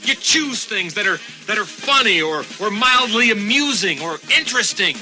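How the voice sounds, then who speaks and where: A man's voice: sits high, expressive, normal speed. An actor playing an exasperated man who lectures a dull storyteller in a cutting tone, heard as a film clip. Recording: film clip with music behind.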